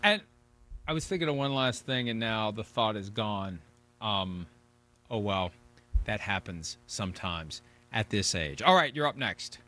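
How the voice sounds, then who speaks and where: A man's voice: on the low side, expressive, unhurried, sharp tone. A man in his sixties hosting a sports talk show, chatting casually and rambling with frequent restarts. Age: 60s. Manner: rambling, repeats words when restarting.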